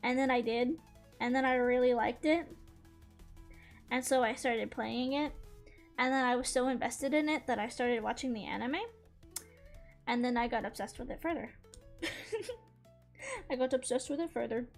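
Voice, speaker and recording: A woman with a high voice chats casually as she draws on stream. She gushes like an excited fan, laughs often and swears freely, with faint music playing underneath. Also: moderate pace, vocal fry, long pauses. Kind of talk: casual chat while drawing.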